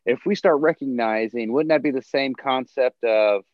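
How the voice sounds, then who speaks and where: A man co-hosting a podcast in casual chat, rambling with lots of fillers and quick chuckles. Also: mid-range voice, no echo, highs cut off. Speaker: podcast co-host.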